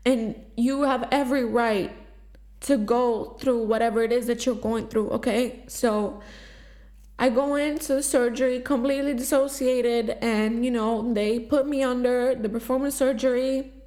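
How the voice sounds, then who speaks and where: A woman with a high-pitched voice speaks in a raw, unscripted confessional monologue. She talks emotionally, swearing freely and circling back with fillers and restarts as she goes. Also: steady tone, a little slow, dark tone. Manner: rambling, filler-heavy with frequent restarts. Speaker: vlogger sharing a personal story.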